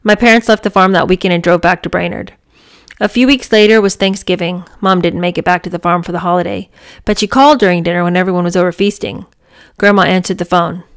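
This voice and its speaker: A woman's voice: fairly low pitch, steady tone, fast, smooth. Woman, memoir reading, casual commentary, enthusiastic, chatty, fillers. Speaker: book reader and reviewer.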